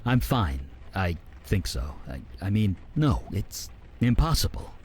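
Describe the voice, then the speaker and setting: A man's voice: deep voice, big pitch swings, unhurried, a little mellow, a little hiss or hum, pitched below the performer's own voice. A man voicing a shaken adult male game character who stammers and halts in disbelief. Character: shaken adult man, a fire mage companion in an adventure game.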